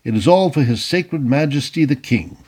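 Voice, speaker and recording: A man voicing a blustering, excitable older Tory planter in an audiobook reading. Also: mid-range voice, moderate pace, close to an everyday voice. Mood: hearty. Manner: excitable, hearty, stammering when flustered.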